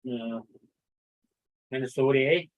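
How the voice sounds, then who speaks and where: A man's voice: mid-range voice, slow pace. Guy rambling on a livestream, cursing a lot, reading out chat, sounds like a phone line. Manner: rambling, swears a lot, reads chat aloud. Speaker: livestream host. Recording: tinny phone-like audio.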